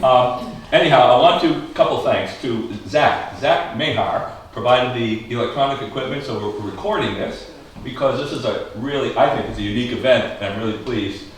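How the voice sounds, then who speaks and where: A man's voice: medium pitch, moderate pace. A middle-aged man from Maine hosting a local history talk, chatty and joking with his audience and asking them questions. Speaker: historical society host. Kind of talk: casual talk to a small audience. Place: schoolhouse room. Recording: echoey room from far off.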